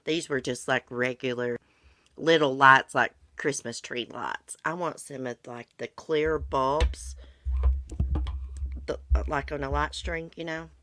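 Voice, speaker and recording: A woman's voice: extremely low pitch, fairly even intonation, slow pace, sharp tone. A congested middle-aged woman, hosting a casual livestream chat in a blunt, chatty way. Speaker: livestream host. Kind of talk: casual chat about true crime with live viewers.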